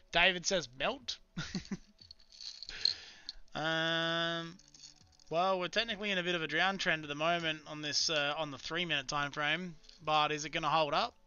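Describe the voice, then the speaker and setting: Gravelly, sharp-toned man streaming. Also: on the high side, dull audio, a little hiss or hum. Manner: chatty, muttering to himself over charts. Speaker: live-streaming futures trader. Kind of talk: casual live-stream commentary.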